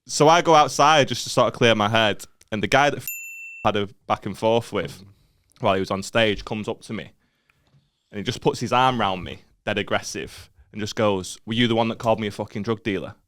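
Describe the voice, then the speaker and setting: A man's voice: on the low side, normal speed, fairly bright tone, clear, resonant tone. A young man with a Northern English accent telling a sweary comedy anecdote on a podcast, laughing as he goes. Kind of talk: casual storytelling chat.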